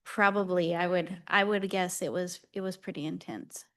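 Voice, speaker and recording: A woman explaining at a public meeting, halting and repeating words as she goes. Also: on the low side, steady tone. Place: county meeting room.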